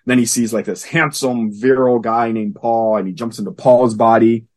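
A man co-hosting a casual podcast, retelling a comic story with animated flair and acting out characters' lines. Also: mid-range voice, normal speed. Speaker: podcast co-host. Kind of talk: casual comic book discussion.

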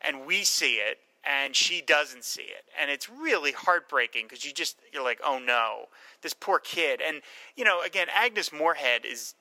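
A man in a casual film discussion, animated and acting out scenes with quoted voices. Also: on the high side, normal speed, dry recording, rough recording.

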